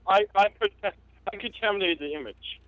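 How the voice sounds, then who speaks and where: A man's voice: high-pitched, moderate pace, fairly bright tone, no room sound. A man chatting as a player in a tabletop game, explaining his moves earnestly and stumbling over words. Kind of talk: casual tabletop chat. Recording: dull dry lo-fi mic.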